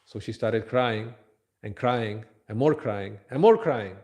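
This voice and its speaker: Male temple lecturer, animated storyteller, slips in Sanskrit and Hindi verses, mid-pitched everyday voice. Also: slow.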